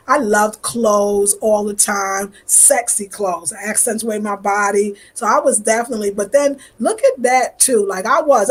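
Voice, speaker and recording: A woman in her fifties from New York with a New York accent, chatting casually and animatedly with viewers on a live stream. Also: medium pitch. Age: 50s. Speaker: vlogger.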